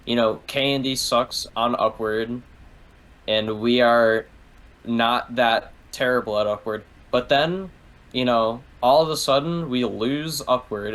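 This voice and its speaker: A man's voice: mid-range voice, a bit bright, low-quality recording. Rambling, swearing man in casual talk. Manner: rambling, heavy use of "like", swears freely.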